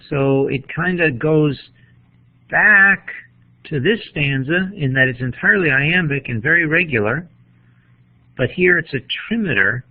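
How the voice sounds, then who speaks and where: A man teaching a poetry lesson, thinking aloud while he marks up a poem with a pen. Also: a little high. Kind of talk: poetry lecture. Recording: tinny phone-like sound.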